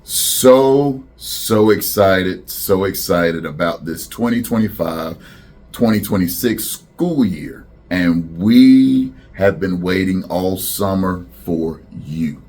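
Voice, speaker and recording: A man's voice: sits low, lively intonation, slow pace, darkish tone. A middle-aged man, a school principal, addressing students in a welcome video and leading them in call-and-response chants.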